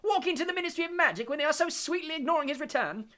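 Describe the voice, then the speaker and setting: A man's voice: extremely high pitch, lively intonation, rapid-fire, bright, forceful tone, pitched above the performer's own voice, heavily acted. A man voicing a frenzied, cackling mad witch in an audiobook reading, shrieking her lines. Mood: manic.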